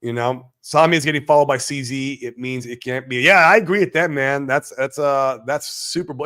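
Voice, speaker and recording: A man hosting a casual crypto livestream, brash and profane, swinging between loud hype and mumbled asides as he reads chat comments. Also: mid-range voice, moderate pace, few pauses.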